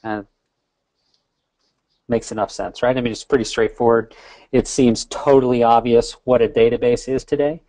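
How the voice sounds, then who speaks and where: A man who is a guest on a webinar, chatting casually as a relaxed, friendly storyteller who jokes along. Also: medium pitch, moderate pace, long pauses, no room sound. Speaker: software founder guest.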